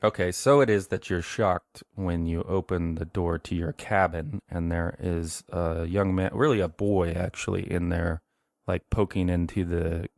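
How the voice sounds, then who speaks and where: A man narrating a tabletop horror game as game master, in a relaxed, chatty way. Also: sits low, creaky, no room sound, studio quality.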